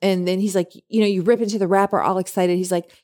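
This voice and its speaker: A woman co-hosting a podcast, chatting casually and retelling a story with many animated quotes. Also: mid-range voice, fast talker. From lived in California. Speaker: podcast co-host.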